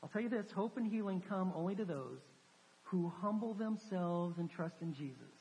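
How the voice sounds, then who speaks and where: Pastor preaching in a reverberant hall. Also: male voice, high-pitched, lively intonation, normal speed. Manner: preaching, swings from emphatic rises to soft, hushed storytelling. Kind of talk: sermon.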